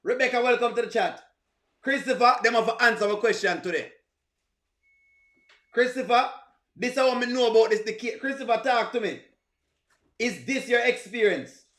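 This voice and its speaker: This livestream host, a man with a Jamaican accent, greets and teases his chat during a reaction stream. His very high-pitched, slightly bright voice moves at a moderate pace with frequent pauses, and the room is echoey.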